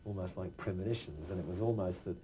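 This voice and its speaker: A man's voice: low-pitched, fast talker, a crowd in the background, low-quality recording. A man interviewing a guest and prompting him with questions, often restarting his sentences. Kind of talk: conversational interview.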